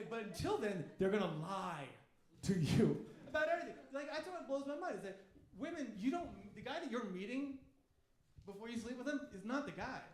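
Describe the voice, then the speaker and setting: A man doing a stand-up comedy set in a club, brash and swearing, acting out the voices he quotes. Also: high-pitched. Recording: echoey club room with audience laughter. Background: audience laughing.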